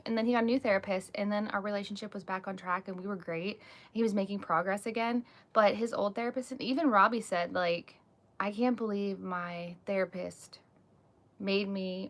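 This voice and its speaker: A woman with a mid-range, fairly bright voice hosts a casual live stream over a phone or webcam. She chats candidly and reads out viewer comments, her talk full of "like" and "um" fillers.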